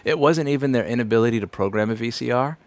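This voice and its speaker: A man's voice: mid-range voice, racing, no echo. A man in his thirties, a repair technician, chats casually and sardonically on a livestream, rambling and swearing freely. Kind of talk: casual livestream chat while working. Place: repair shop.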